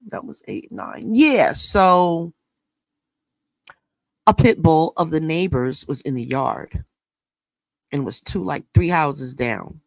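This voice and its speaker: Animated, profane middle-aged woman storyteller. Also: sits low, dry recording. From New York State. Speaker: astrology channel host. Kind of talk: casual storytelling monologue.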